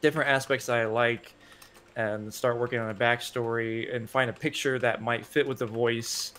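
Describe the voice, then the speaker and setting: A man's voice: mid-range voice, fairly even intonation, moderate pace, a bit bright, slight background noise. A man on a live stream panel who talks casually, often stops and restarts his sentences, and loses his thread.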